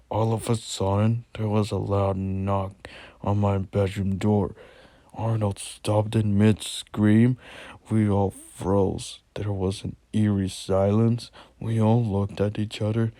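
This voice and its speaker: A man reading a first-person horror story aloud in a slow, halting way. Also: on the low side, flat delivery, dark tone, dry recording.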